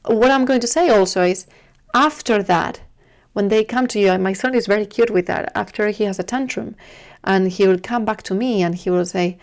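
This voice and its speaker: A woman's voice: medium pitch, moderate pace. Earnest woman giving parenting advice. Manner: earnest, repeats herself, gentle pleading. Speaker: parenting video host. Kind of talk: casual advice talk to camera.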